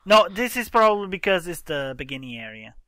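A man hosts a casual let's-play, grumbling and exclaiming as things go wrong. His voice sits a little high and bright, swinging widely in pitch at a slow, unhurried pace. The sound is dry and close. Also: big pitch swings, no echo. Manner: exasperated, exclaiming, explaining game mechanics. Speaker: gaming channel host.

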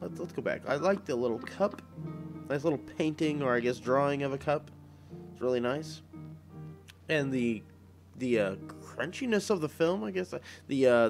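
Gamer guy rambling over his playthrough, joking at himself, lively up and down voice. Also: mid-range voice. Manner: rambling, self-deprecating, joking asides. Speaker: gaming YouTuber. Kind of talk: casual game commentary.

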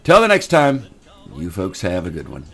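Older man, low-pitched, folksy rambling game commentary, faint music behind. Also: huge pitch swings, normal speed, vocal fry. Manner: folksy, rambling, repeats words. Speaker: gaming channel host.

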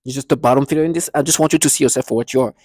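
A man's voice: medium pitch, very fast, a little mellow, slightly rough, dry recording, clean studio sound. A man ranting in a vlog monologue, agitated and scornful, repeating himself often. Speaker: vlogger.

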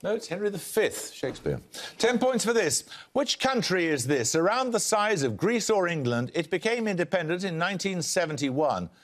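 Crisp quizmaster man, lively pitch. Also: normal speed, hardly any pauses. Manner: crisp, precise delivery with dry wit. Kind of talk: formal quiz show hosting.

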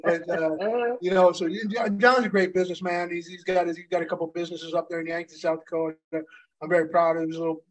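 A man in his fifties from the United States, co-hosting a casual chat. His voice is slightly high and stays flat in tone. He reminisces in loose, rambling sentences with many fillers. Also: low-quality recording. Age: 50s. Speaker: co-host, former pro wrestler.

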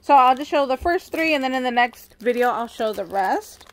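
A woman's voice: sits high, lively intonation, normal speed. A young woman chatting casually as she unboxes craft supplies, cooing over each item. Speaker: craft vlogger.

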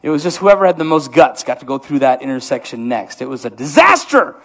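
A man's voice: medium pitch, very animated, brisk, gravelly, a bit bright. A man with an Upper Midwest American accent preaching a comedic sermon, self-mocking and rambling with many restarts. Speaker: pastor. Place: church sanctuary.

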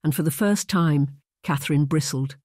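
Man narrating an audiobook, measured. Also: a little high, a little mellow, no room sound, studio quality. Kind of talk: scripted narration.

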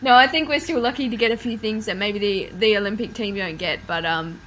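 A woman's voice: mid-range voice, a little fast, a bit bright, slight background noise, poor audio. A woman, a Paralympic cyclist, chatting in an interview, hesitant with fillers and light laughs. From Australia. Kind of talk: casual interview chat.

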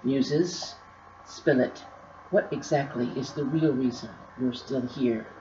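A woman voicing a gruff, reclusive old woman who keeps an attic, stern and grumbling. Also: a bass voice, lively intonation, measured pace, warm tone, slight background noise. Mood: irritated. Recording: roomy, slightly dull recording.

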